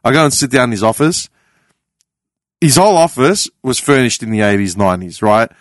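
An Australian man, a podcast panelist, telling a story in casual chat, animated and profane. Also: mid-range voice, a little fast, no echo. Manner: animated, profane, laughs through his anecdote.

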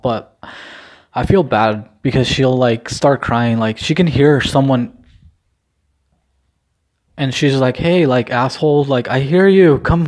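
A young man talks loosely to his camera in a casual vlog, his voice at an ordinary middle pitch for a man. He rambles and halts with frequent ums and restarts, swearing casually. The mood stays subdued and self-deprecating. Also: darkish tone. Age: young adult. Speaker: vlogger.

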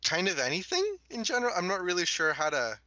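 Young man, casual podcast chat, bright tense voice, slightly high, dry close sound. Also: wildly swooping pitch, no echo, poor audio. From Los Angeles area. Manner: laid-back, many fillers, quick bursts.

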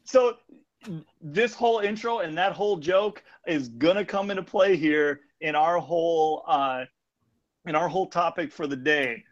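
A man's voice: fairly high pitch, unhurried. A young man co-hosting a podcast, telling a long rambling joke in casual chat. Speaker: podcast co-host. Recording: dull lo-fi sound.

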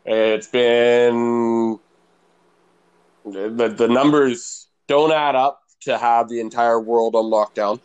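A man's voice: mid-range voice, fairly even intonation, slow, a little mellow, clear, resonant tone, dull audio. A man in casual chat, rambling and crude, swearing often.

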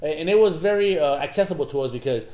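A man's voice: fairly high pitch, expressive, racing, a little mellow. An easygoing man hosting a podcast in casual chat, often repeating words as he starts sentences, in a roomy room. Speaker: podcast host.

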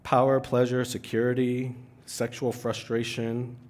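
A young adult man preaching a sermon in an animated way, his voice climbing for emphasis and mixing in self-deprecating asides. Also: mid-range voice, unhurried. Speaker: pastor.

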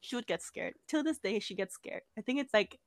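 A young woman chatting casually and giggling, acting out stories with high shrieks. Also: animated, a little fast, no room sound, clean studio sound. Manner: giggly, acts out quotes with shrieks. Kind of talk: casual chat.

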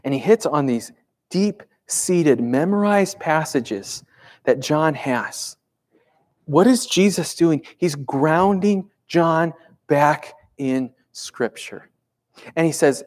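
Pastor, male, thirties, mid-high voice, casual sermon delivery with plenty of questions to the room. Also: animated, takes it slowly, darkish tone. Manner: conversational preaching with rhetorical questions.

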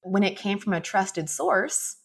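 A young woman co-hosting a podcast, telling personal stories in a relaxed, chatty way. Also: mid-range voice, unhurried, slightly rough. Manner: anecdotal, laughs while telling stories. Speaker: podcast co-host. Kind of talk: casual chat, storytelling.

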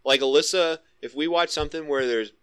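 A man's voice: fairly high pitch, a little fast, fairly bright tone, smooth. Rambling male podcast host. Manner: rambling, laughs often, self-correcting. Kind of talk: casual chat.

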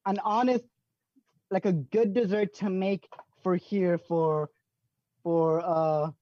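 A woman co-hosting a casual chat, loud, joking and over the top. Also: lowish voice, fairly even intonation, slow, dry recording. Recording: dull lo-fi dry mic.

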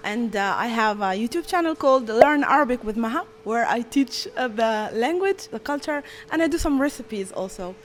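A woman's voice: a little high, expressive, normal speed, few pauses. A cheerful woman language teacher as a guest in a casual chat.

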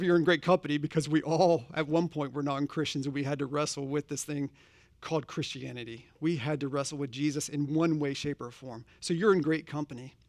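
A man's voice: fairly high pitch, no room sound. A man preaching a sermon, earnest and conversational, posing direct questions to his congregation. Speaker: pastor.

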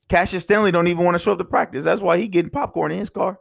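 A man hosting a casual sports talk show, talking in animated, rambling rants. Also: high-pitched, very fast, creaky. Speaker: podcast host.

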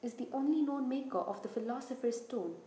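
A woman's voice: sits high, lively intonation, brisk, dark tone, reverberant. A woman voicing a clever, bossy teenage girl who speaks urgently and emphatically.

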